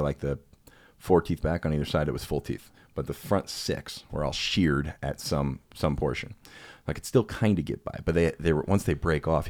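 Deep-voiced man telling a story casually. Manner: animated, laughs often, mimics people in his story.

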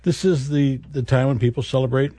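A man's voice: medium pitch, fairly quick, mellow, no room sound. A man hosting a radio show from a studio, folksy and rambling in casual chat. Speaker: radio host. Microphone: studio microphone.

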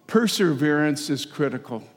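Animated priest preaching in echoing church. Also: male voice, a little high, moderate pace. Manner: folksy, animated preaching with audience asides. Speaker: parish priest. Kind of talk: sermon. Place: large church. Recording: long church reverb.

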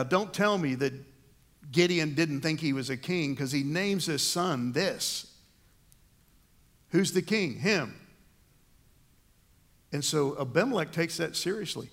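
A man's voice: fairly high pitch, creaky, fairly bright tone. A middle-aged man preaching a sermon as a pastor, telling stories and acting out the lines of the people in them. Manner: storytelling with acted-out quotes.

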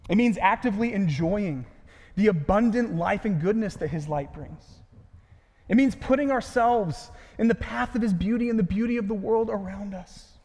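Male pastor, high voice, earnest delivery that falls to a hush at phrase ends, long reverb around him. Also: normal speed. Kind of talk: sermon.

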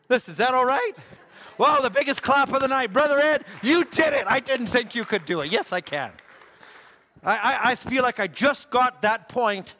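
High, bright-voiced preacher in a reverberant hall. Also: male voice. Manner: emphatic, repetitive, rising to shouts. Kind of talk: sermon. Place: church service. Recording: church hall with long reverb.

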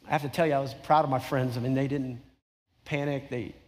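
A man's voice: mid-range voice, fairly even intonation, a little fast. A middle-aged man preaching a sermon, telling a story in a conversational way with emphatic repetition. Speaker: pastor. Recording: long hall reverb.

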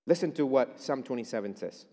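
A man's voice: medium pitch, lively intonation, a little fast, warm tone, long reverb tail. A man preaching a chapel sermon, emphatic and declaring. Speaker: chapel speaker.

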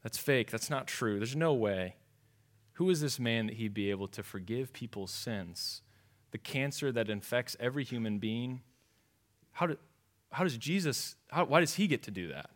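Male pastor, mid-pitched voice, emphatic, repeats lines and asks the room questions. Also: fairly bright tone. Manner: emphatic, conversational preaching with repetitions and rhetorical questions. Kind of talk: sermon.

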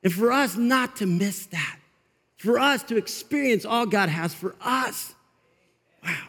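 Fired-up high-voiced pastor preaching. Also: male voice, expressive, measured pace, bright, forceful tone, slightly rough. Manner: fired-up, conversational preaching with laughs. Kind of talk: energetic sermon. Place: church sanctuary. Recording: long reverb of a large hall.

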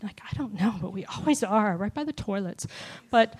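A middle-aged woman giving a personal testimony sermon, telling a story with lively shifts and dropping to a whisper for quoted lines. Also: mid-range voice, a little fast, hardly any pauses. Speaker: speaker at a church gathering.

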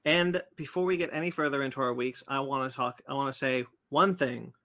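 A man in his thirties co-hosting a podcast, excitable and teasing as he runs through announcements. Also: mid-range voice, fairly quick. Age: 30s. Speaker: podcast co-host. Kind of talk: casual podcast chat.

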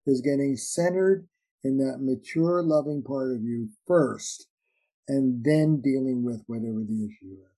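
A man's voice: mid-range voice, a little slow, rough recording. A man, a relationship therapist and author, explaining his ideas in conversation and acting out little dialogues. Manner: animated, acts out little dialogues with shifting voices. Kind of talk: conversational interview answers.

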